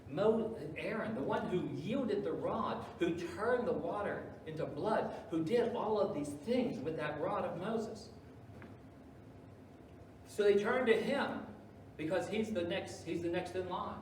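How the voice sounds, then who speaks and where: Pastor, male, sermon delivery with big loud-soft swings, heard from far off in a very echoey church. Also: sits high, measured pace, a little hiss or hum. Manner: dramatic swings between loud emphasis and hushed asides. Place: church sanctuary.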